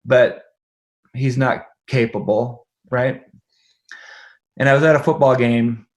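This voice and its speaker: A middle-aged man speaking as an interview guest, with a voice sitting at an ordinary male pitch. He tells a family story with plenty of energy, laughing as he goes and asking "right?" to keep his listener with him. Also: slow. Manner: animated, laughing, checks in with "right?".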